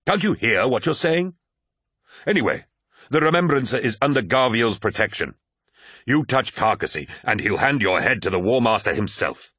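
A man playing a straight-talking veteran soldier, sardonic and defiant, set higher than the narrator's own voice. The tone is husky with wide swings in pitch, in a dry audiobook read. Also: expressive, normal speed, pushed and bright, dry recording. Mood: incredulous. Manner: sardonic, blunt. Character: blunt, defiant male veteran warrior. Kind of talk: audiobook character voice.

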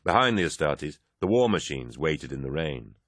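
A man narrating an audiobook, reading in a measured, low-key dramatic way and voicing the characters. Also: sing-song, a bit bright, no room sound, clean studio sound. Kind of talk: scripted narration.

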